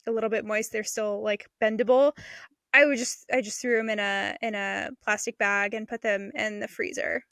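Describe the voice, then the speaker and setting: Bright, chatty homesteading woman. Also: medium pitch, steady tone, normal speed, no room sound, studio quality. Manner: chatty and enthusiastic, laughs between thoughts. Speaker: podcast co-host and homesteader. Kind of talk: casual chat.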